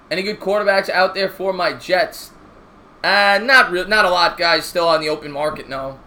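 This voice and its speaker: A man's voice: high voice, moderate pace, sharp tone. A man, calling baseball play-by-play on a live stream while chatting with viewers. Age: 30s. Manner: chatty, jokey, reads viewer comments aloud. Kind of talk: casual play-by-play with chat shoutouts.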